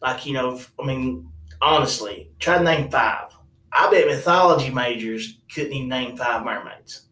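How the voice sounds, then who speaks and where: A man's voice: medium pitch, normal speed, pushed and bright, reverberant, distant mic, poor audio. A man telling a comic personal story in a rambling, wry way with many asides.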